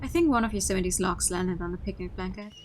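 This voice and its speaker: A woman's voice: on the low side, fast, a little hiss or hum, rough recording. A woman streamer reading a story game aloud in the first person, narrating expressively with small slips and restarts. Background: background music.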